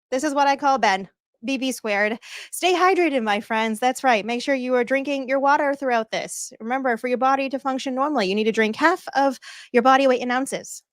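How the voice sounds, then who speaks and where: A woman hosts a casual livestream commentary in a high voice. She is animated and laughs often. Her sound is dry and close. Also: no echo. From Norfolk County area. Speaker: livestream host.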